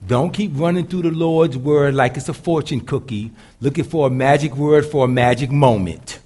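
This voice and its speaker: A man with a deep voice preaching a sermon to a live congregation, moving between loud and hushed delivery. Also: normal speed, hardly any pauses, husky. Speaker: pastor.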